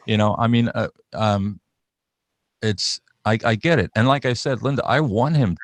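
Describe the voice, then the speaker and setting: A man's voice: fairly low pitch, moderate pace, dry recording. An older man in a casual video-call chat who rambles, restarts often and laughs easily. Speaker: parent and grandparent sharing a family court story.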